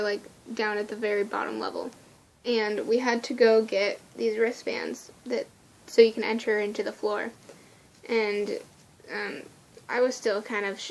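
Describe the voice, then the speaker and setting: Woman vlogger with a slightly high voice, excitable and gushing, casual storytelling with frequent laughs.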